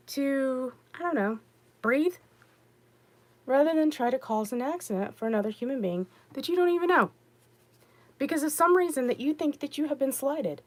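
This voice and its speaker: Middle-aged woman host with a bright high voice and a dry, close sound. She tells stories in an animated, exasperated way. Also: no room sound. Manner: animated storyteller, rising high when exasperated. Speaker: podcast host. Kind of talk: casual monologue.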